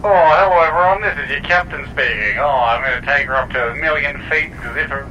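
A man's voice: fast talker, bright, forceful tone, highs cut off. A man playing a cheeky, overeager stranger who impersonates an airline captain. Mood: chirpy. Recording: distant mic under aircraft rumble.

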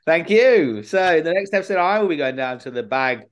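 A man's voice: on the high side, expressive, moderate pace. A man hosting a casual comedy chat, prompting his co-host and laughing often. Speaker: podcast host.

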